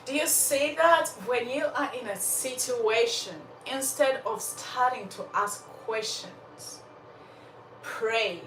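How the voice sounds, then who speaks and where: A woman's voice: medium pitch, unhurried, echoey room. Lady telling a faith story, talks right at her listeners, far from the mic, faint hiss. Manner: animated, laughs often, talks straight to listeners. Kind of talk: faith-based storytelling with life lessons.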